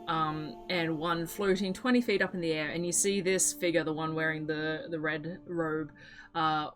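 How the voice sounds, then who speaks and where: A woman's voice: on the low side, pushed and bright. A woman narrating a tabletop role-playing game as game master, chatty and giggly with lots of filler words.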